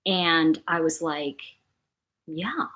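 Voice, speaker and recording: A woman's voice: mid-range voice, moderate pace, a bit bright. A middle-aged woman chats to her viewers on a livestream. She rambles, restarts her sentences and greets people by name as she talks. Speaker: livestream host. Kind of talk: casual livestream chat.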